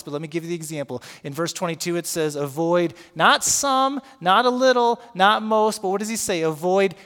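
A male pastor preaching a sermon, moving from hushed, slow prayer to loud emphatic teaching, and leading his congregation in repeating words. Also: fairly high pitch. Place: church sanctuary. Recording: long reverb of a large hall.

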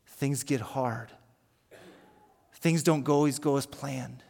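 A man's voice: medium pitch, steady tone, slow, vocal fry, a little mellow. A man preaching a conversational sermon as pastor, often repeating words and asking rhetorical questions. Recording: echoey hall with long reverb.

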